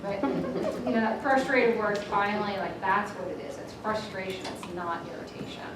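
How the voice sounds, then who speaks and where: A woman's voice: medium pitch, moderate pace. Woman, middle-aged, workshop facilitator, chatty, echoey room, distant mic. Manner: chatty, self-deprecating anecdotes. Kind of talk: classroom instruction. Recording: echoey room from far off, noisy.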